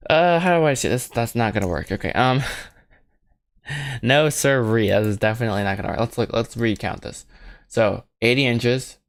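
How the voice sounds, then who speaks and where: An animator thinks out loud while modeling on a stream of his film, rambling and lobbing self-mocking jokes at himself. He speaks fairly quickly and animatedly in a medium-pitched voice with vocal fry, recorded dry.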